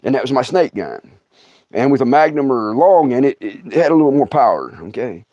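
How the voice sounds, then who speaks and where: A middle-aged man telling a story in a casual, drawling way, often dropping to a hush and acting out the sounds. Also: mid-range voice, big pitch swings, brisk, no room sound. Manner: drawling, hushed, acts out sounds. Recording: dull lo-fi dry sound.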